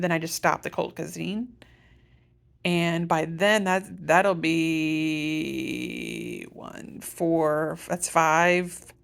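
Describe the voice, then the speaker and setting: A woman's voice: lowish voice, creaky. A middle-aged woman from Iowa in a casual vlog, talking through her treatment plan in a rambling, self-correcting way. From Iowa, USA. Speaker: patient sharing a health update.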